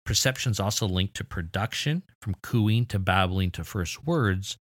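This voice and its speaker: A man's voice: lowish voice, lively intonation, a little slow, a bit bright, no room sound, clean studio sound. A man hosting an educational podcast, explaining ideas with enthusiasm and a few exasperated asides. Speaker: podcast host.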